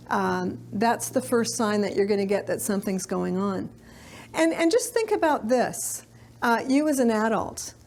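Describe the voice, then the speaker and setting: A woman's voice: a little high, a little hiss or hum. A middle-aged woman giving a live parenting lecture to an audience, speaking conversationally with frequent fillers and sometimes acting out what children say.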